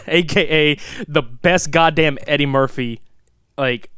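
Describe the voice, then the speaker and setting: Animated, swearing podcast guy. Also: fairly high pitch, slow, clear, resonant tone, no room sound, studio quality. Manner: animated, profane, laughs often, quotes scenes. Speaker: podcast co-host. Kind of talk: casual movie chat.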